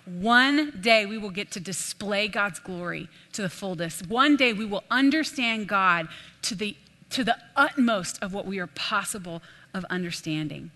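A young adult woman preaching an animated, folksy sermon in a church, addressing the room as "y'all". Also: medium pitch, normal speed. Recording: long hall reverb.

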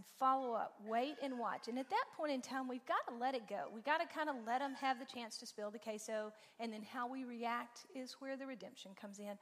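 A woman giving a lively, informal talk to a church parenting group, acting out her own stories as she goes. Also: on the high side, brisk. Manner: animated storytelling, acts out her own lines. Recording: long reverb in a large room.

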